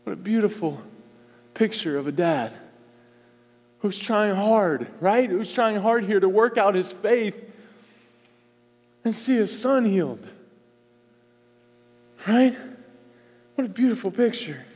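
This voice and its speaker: A man preaching a sermon as pastor, emphatic and repetitive, swinging between loud and soft. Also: high voice, lively intonation, takes it slowly, pauses often, long reverb tail.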